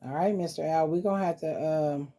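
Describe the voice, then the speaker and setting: A woman hosting a casual vlog, talking softly and playfully to her dolls as if they were children. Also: deep voice, fairly quick. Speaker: doll collector vlogger. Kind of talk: casual doll-play vlog.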